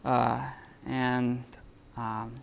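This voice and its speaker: A man leads a live classroom lesson, explaining grammar in a halting way, full of fillers and restarts. His voice has a gravelly edge. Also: medium pitch, little pitch movement. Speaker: Greek teacher.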